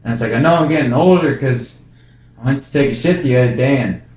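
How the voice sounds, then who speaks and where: A man's voice: medium pitch, fast, roomy sound. A man in his twenties chatting casually and telling comedy stories, laughing often and acting out what others said. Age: 20s. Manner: animated storyteller, laughs often. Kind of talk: casual chat, storytelling.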